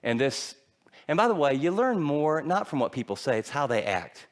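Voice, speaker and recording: The speaker is a middle-aged man, a pastor, whose sermon is full of lively stories where he voices the people involved. His pitch is fairly high and his pace is ordinary.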